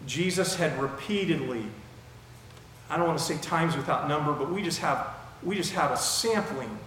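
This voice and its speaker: A male pastor preaches an expository sermon verse by verse in a large church hall, chatty and conversational, fond of rhetorical questions. His voice is medium-pitched and a bit bright. The hall is very echoey, with faint noise.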